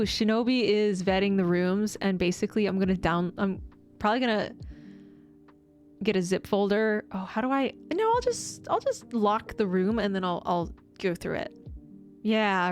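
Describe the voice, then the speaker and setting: A young woman streamer chatting casually with her viewers, bubbly and excitable, often giggling. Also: medium pitch. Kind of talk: casual live-stream chat.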